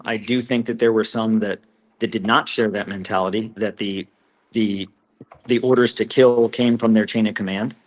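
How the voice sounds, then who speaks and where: A man, recounting what he witnessed as a guest in an interview, earnest and halting with frequent restarts. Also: fairly low pitch. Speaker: whistleblower guest.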